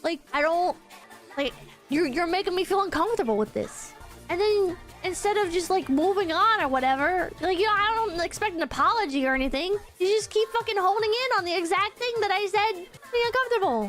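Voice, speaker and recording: A woman's voice: very high-pitched, brisk, a bit bright, soft background music. A young woman streamer chatting frankly and at length, swearing often and filling her talk with "like". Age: young adult. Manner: rambling, frank, swears often, many fillers. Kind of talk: casual stream chat.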